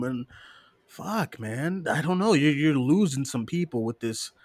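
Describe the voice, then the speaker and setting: A man's voice: on the high side, slow pace, no room sound. A man co-hosting a casual live-stream show, reading listener questions, laughing often and cursing freely. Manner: animated, profane, laughs often, mocking voices.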